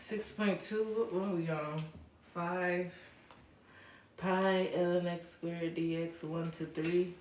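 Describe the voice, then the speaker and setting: A woman's voice: on the low side, fairly even intonation, slow pace. A woman streaming at home, muttering half to herself as she works through homework problems. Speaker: vlogger and mother. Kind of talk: casual livestream chat. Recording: roomy echo, far from the mic, background noise.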